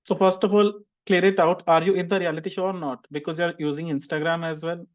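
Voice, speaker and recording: A man tutors an online speaking class in a fairly high voice. He teases his student playfully, then explains the scoring criteria patiently. The call audio sounds dull and lo-fi. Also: fairly even intonation, fast. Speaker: English speaking-test tutor.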